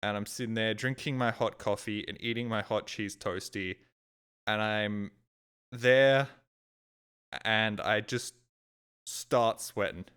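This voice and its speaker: A man's voice: on the low side, slow pace, pauses often, a bit bright, smooth. A young man streaming a game, telling a long rambling story with plenty of swearing. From Australia. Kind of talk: casual storytelling.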